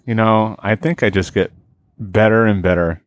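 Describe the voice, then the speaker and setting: A man's voice: fairly low pitch, steady tone, a little slow, no room sound. A man chatting casually as co-host, teasing and laid-back. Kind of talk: casual chat.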